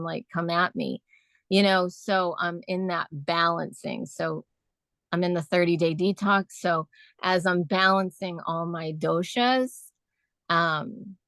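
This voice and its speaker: A woman's voice: lowish voice, a bit bright, dry recording. A woman on a video call sharing her personal reflections earnestly, with many fillers. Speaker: community call participant.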